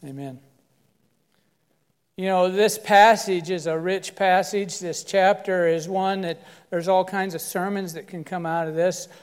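A man's voice: high-pitched, level tone, moderate pace, hardly any pauses, clear, resonant tone. An older man giving a sermon as a guest pastor, folksy and self-deprecating, telling a humorous story before turning to scripture. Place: church sanctuary. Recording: long church reverb.

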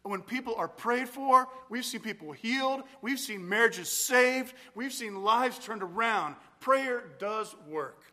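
Guy preaching in a church, earnest and slow, lots of reverb, high voice. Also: expressive, sharp tone. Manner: earnest, deliberate, slipping into spoken prayer. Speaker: pastor. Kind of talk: sermon. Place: church sanctuary. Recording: long church hall reverb.

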